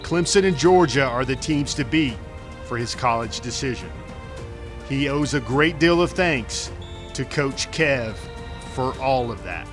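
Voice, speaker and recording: A man's voice: mid-range voice, expressive. A man giving polished, scripted sports documentary narration. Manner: polished, measured. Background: music.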